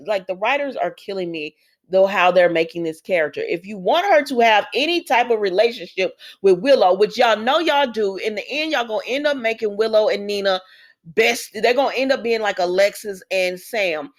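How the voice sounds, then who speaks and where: A woman hosting a casual soap opera recap vlog, chatty and opinionated, slipping into quoted voices of the characters and complaining about the writing. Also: mid-range voice. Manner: exasperated with the show's writing.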